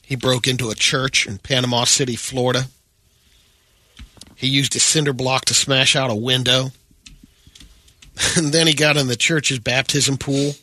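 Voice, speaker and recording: A man reading news items on a morning radio show, steady with dry asides. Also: medium pitch, normal speed, long pauses, dry recording. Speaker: radio news segment host.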